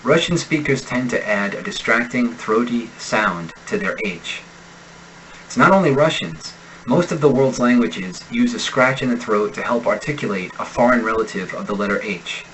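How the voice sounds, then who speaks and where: A man with a General American accent, an accent instructor reading example sentences and single words slowly and deliberately in a pronunciation lesson. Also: mid-range voice, animated, fairly bright tone, a little hiss or hum, rough recording. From United States. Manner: slow, deliberate enunciation of sample words.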